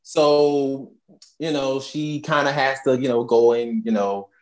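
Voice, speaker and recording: A woman with a low voice chats casually about a movie she watched. She tells the story with animation and slips into the characters' voices as she goes. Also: fairly even intonation, measured pace, darkish tone. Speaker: podcast co-host recapping a movie. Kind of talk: casual chat.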